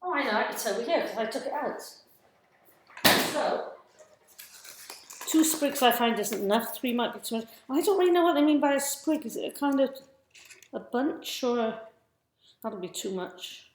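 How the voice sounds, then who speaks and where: This cooking livestream host has a slightly high, animated voice and a moderate pace, often pausing, with heavy reverb around her. She chats with viewers from her home kitchen, scattered and talkative, saying hello mid-task.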